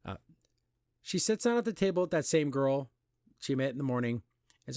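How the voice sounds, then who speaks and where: A man hosting a podcast, recapping and criticizing an animated pilot in casual, exasperated commentary with mocking quoted voices. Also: mid-range voice, a little fast, long pauses, no room sound, clean studio sound. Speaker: podcast host reviewing an animation.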